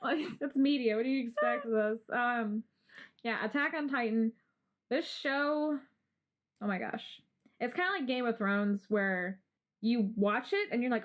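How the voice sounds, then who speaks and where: Young woman co-host, bright higher voice, animated, laughs a lot, curses casually. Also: a little slow. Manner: animated, laughing, swears freely. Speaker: podcast co-host. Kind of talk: casual chat.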